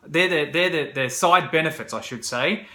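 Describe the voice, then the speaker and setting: A man's voice: fairly high pitch, normal speed, pushed and bright. A man, a vlogger, talking casually to camera about his own experiences, rambling with fillers and restarts. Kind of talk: candid personal storytelling to camera. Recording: roomy echo.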